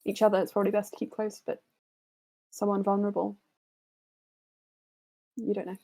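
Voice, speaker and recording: A woman's voice: mid-range voice, flat delivery, dark tone, close to an everyday voice. A woman as the game master voicing an earnest character with grave counsel. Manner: measured, cautionary.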